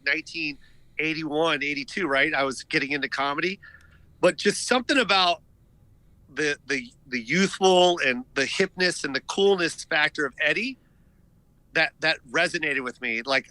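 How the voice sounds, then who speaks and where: A man's voice: a little high, no room sound, poor audio. A middle-aged man, a comedian guest, telling stories in casual chat with lots of filler words. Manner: animated storyteller, many filler words.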